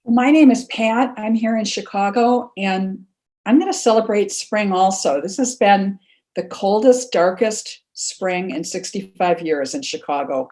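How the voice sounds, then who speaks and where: A woman's voice: mid-range voice, unhurried, darkish tone. A woman introducing herself to a group in a plain, friendly way.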